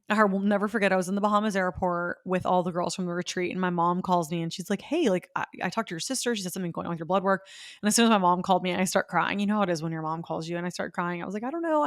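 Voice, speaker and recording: Earnest young woman, low dry voice. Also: no room sound. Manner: emotional, earnest, quotes others in her own voice. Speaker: podcast host. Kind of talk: personal storytelling. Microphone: podcast microphone.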